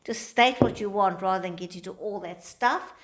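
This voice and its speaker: Woman teacher, mid-pitched, chatty lecturing style, slips into voices to act out quotes for a small group. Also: normal speed. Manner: conversational, acts out quoted dialogue in changing voices.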